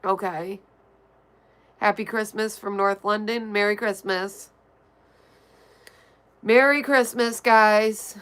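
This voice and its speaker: A livestreamer with a medium-pitched, fairly even voice reads her chat aloud, answering viewer comments bluntly and offhandedly while vaping between remarks. She takes it slowly, leaving long pauses, and her tone is clear, resonant and fairly bright. It's casual chat-reading talk.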